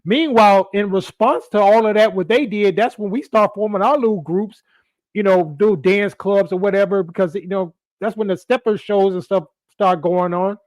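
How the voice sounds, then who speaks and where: A man's voice: high-pitched, normal speed, a little mellow, dry recording. A man hosting a podcast in loose, casual commentary, talking straight to his viewers and leaning on filler phrases. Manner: loose, talks back to viewers, leans on "you know". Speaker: podcast host.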